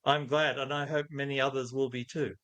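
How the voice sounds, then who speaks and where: A man's voice: medium pitch, flat delivery, brisk, a bit bright. A middle-aged man, a guest in an interview, talking thoughtfully and telling anecdotes. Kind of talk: conversational interview.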